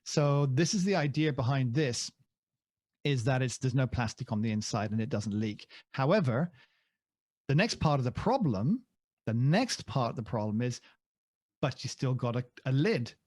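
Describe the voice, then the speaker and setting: A man's voice: mid-range voice, lively intonation, moderate pace, darkish tone, dry recording. Podcast co-host, male, loose and self-mocking, dry close mic. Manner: rambling, jokey, self-deprecating. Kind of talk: casual chat.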